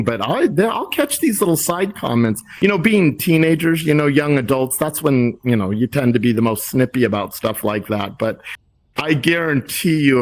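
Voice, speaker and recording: A middle-aged man talking in a casual group discussion, thoughtful and rambling with many restarts. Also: medium pitch. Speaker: discussion host.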